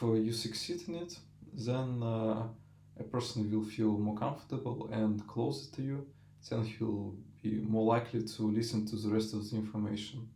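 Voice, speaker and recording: A young man with a Russian accent giving brisk, fluent tips in a conference talk on speaking. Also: on the low side, gravelly, dark tone. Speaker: student presenter. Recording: roomy sound.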